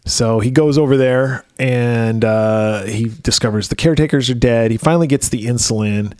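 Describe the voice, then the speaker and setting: A man's voice: mid-range voice, moderate pace, darkish tone, clean tone, no room sound, studio quality. Chatty man co-hosting a podcast. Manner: chatty, laughs and swears easily. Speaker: podcast co-host. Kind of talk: casual film chat.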